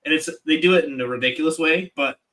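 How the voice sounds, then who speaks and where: A man in a casual livestream chat, talking in an animated way that stumbles over restarts. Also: fairly high pitch, fast. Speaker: guest artist.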